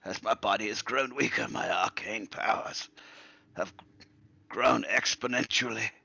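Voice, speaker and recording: A man's voice: lowish voice, measured pace, gravelly, pushed and bright, slightly rough, muffled recording, pitched above the performer's own voice, heavily acted. A man voicing a frail, senile old male wizard who rambles, trails off and sometimes whispers. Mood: earnest, apologetic.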